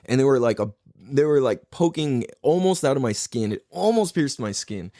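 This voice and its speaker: Rambling man with lively pitch swings. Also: normal speed, dry recording, clean studio sound. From California. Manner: rambling, swears a lot, loses his thread. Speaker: podcast host. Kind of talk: casual storytelling.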